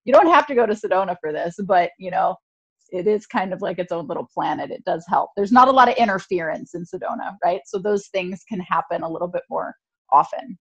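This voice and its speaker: A woman guest on a podcast, telling a personal story in a lively, chatty way, full of "like" and quick laughs. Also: lowish voice, breathy edge, highs cut off.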